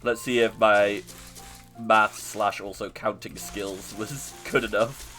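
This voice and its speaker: A man's voice: lowish voice, steady tone, takes it slowly, sharp tone, faint music behind. A man streaming live gameplay, chatting to himself in a self-mocking way and laughing easily. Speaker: video game streamer.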